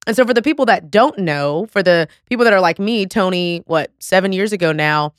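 A woman hosting a podcast in casual chat, excitable and emphatic, with slangy Southern-leaning phrasing. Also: fairly low pitch, a little fast, no room sound. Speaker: podcast host.

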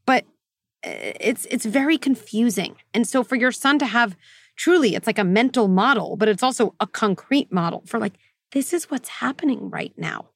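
Woman psychologist host chatting advice, lively, slips into little acted-out voices, dry close mic. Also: fairly high pitch, moderate pace, no room sound. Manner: animated, acts out quoted inner voices, frequent laughs. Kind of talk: casual advice conversation.

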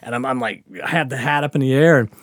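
This is a man in his fifties co-hosting a podcast, speaking quickly at a medium pitch over dry, studio-quality audio. In a casual chat he relates a wild story with lots of swearing and laughter, staying animated the whole time.

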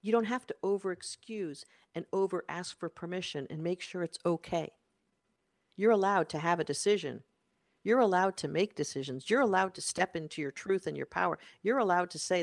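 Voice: medium pitch, lively intonation, fairly quick, dry recording. Emphatic motivational coach, dry sound. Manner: emphatic and insistent, repeating phrases; spiritual wording about energy and soul. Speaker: life coach. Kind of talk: motivational talk.

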